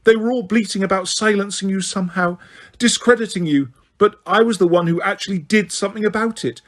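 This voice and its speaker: A man reading an audiobook and voicing a cruel middle-aged witch official, speaking in a breathy, eager, menacing way. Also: high-pitched, brisk, pitched above the performer's own voice, natural voice. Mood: gloating.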